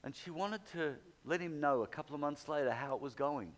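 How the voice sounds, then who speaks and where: A man delivering a sermon as a story. He tells it in an animated, conversational way and slips into the voices of the people in his tale. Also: fairly high pitch, fairly quick. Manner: animated anecdote, acts out quoted people. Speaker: preacher.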